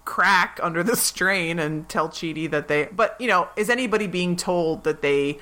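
Dry-witted woman co-host, bright voice. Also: on the low side, moderate pace. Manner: wry, deadpan jokes, reasoned arguing. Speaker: podcast co-host. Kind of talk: casual chat.

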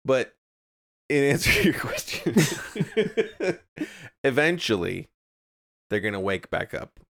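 Casting: man, podcast co-host, playful riffing, very lively pitch, husky. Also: takes it slowly. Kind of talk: casual chat.

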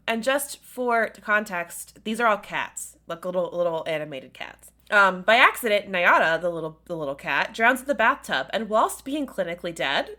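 A woman's voice: mid-range voice, sharp tone. A woman co-hosting a podcast, chatting casually and recapping a film plot, laughing often and stumbling over words. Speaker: podcast co-host.

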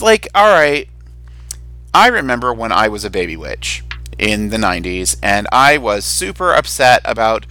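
A man co-hosting a casual podcast, rambling and animated, often jumping up into a high excited voice and swearing casually. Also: no room sound. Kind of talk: casual chat.

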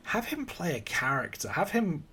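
A man's voice: sits high, very animated, normal speed, noisy background. A man co-hosting a casual film review podcast, chatty with frequent restarts and laughs. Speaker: podcast co-host.

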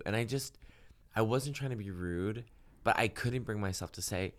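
A man speaking as a podcast guest in casual chat, hesitant and quiet, with many restarts. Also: moderate pace. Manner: hesitant, lots of fillers and restarts, soft and low.

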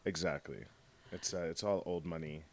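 A man's voice: sits low, steady tone, normal speed, no echo. A man from Connecticut, a hungover podcast guest making wry, self-deprecating jokes. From Connecticut, USA. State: hungover, groggy. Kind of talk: casual podcast chat.

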